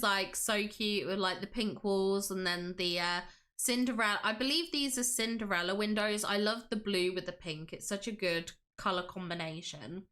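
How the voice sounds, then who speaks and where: A woman's voice: mid-range voice, a bit bright. A woman hosting a casual livestream, gushing with enthusiasm and reading chat aloud. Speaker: livestream host.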